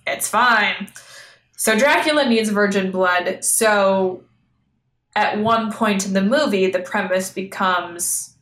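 Bright-voiced sarcastic woman co-host. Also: medium pitch, slow, reverberant, slight background noise, rough recording. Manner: blunt and sarcastic. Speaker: podcast co-host. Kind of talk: casual chat.

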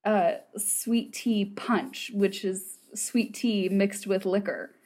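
A woman's voice: mid-range voice, slow, darkish tone. An American woman chatting casually as a co-host, rambling along with plenty of fillers and restarts. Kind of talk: casual chat.

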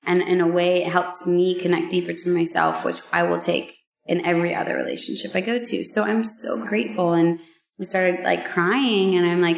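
A woman on a vlog, telling a personal story in a casual, heartfelt way, with emotional pauses and many fillers. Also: fairly low pitch, little pitch movement, creaky, echoey room. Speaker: vlogger sharing a personal story.

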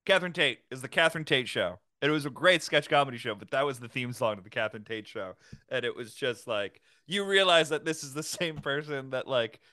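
A man's voice: mid-range voice, fairly quick, pushed and bright, no echo, clean studio sound. A man hosting a podcast in casual chat, telling stories animatedly, swearing freely and laughing often. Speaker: podcast host.

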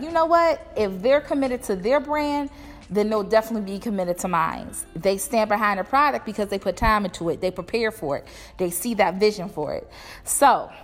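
A woman's voice: medium pitch, gravelly. A young woman entrepreneur giving a blunt, motivational talk to her viewers, cussing freely. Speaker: entrepreneur and vlogger. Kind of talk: casual motivational talk to camera. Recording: long echo with music behind.

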